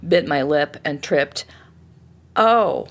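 Woman, author guest, lively, conversational, restarts, lowish voice. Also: moderate pace, vocal fry. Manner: lively, acts out quotes, frequent restarts. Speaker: author and forgiveness teacher, guest. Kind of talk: interview answers, conversational teaching.

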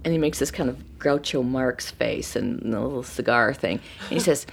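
A middle-aged woman telling a personal story in a casual, animated way, acting out what people said. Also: a bass voice, moderate pace, vocal fry, a little hiss or hum. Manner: animated, acts out quoted voices. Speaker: storyteller guest.

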